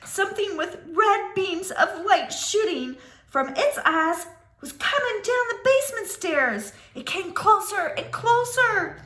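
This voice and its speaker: A woman reading a spooky children's book aloud with dramatic delivery, pausing to speak to her young listeners. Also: very high voice, fairly bright tone. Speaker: storyteller. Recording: roomy echo.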